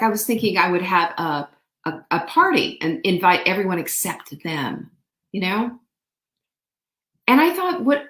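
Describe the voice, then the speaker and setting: Woman, host, casual storytelling, chatty, animated, playful, mid pitch, roomy echo. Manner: chatty, animated, laughs often, playful asides. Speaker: show host.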